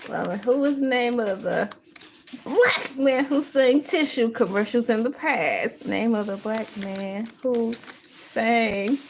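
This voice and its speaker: A woman whose voice sits on the high side runs a morning livestream, keeping things slow, casual, and jokey. Slight background noise accompanies her sung snippets and bursts of laughter.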